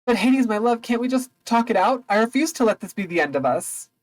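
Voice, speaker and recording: A woman's voice: fairly high pitch, animated, a little fast, rough recording. A woman voicing a proud, devoted young spring goddess in a game, lofty and theatrical. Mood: pleading.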